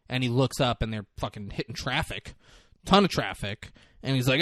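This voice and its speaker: A man's voice: medium pitch, animated, fairly quick, fairly bright tone, no room sound, clean studio sound. A man co-hosting a podcast, recapping a film in casual chat and swearing often. He acts out the characters as he tells it. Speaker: podcast co-host.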